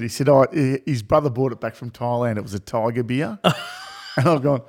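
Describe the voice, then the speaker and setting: A man's voice: medium pitch, normal speed, pauses often. A middle-aged man, telling a crude story in casual banter and laughing as he goes. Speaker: podcast co-host.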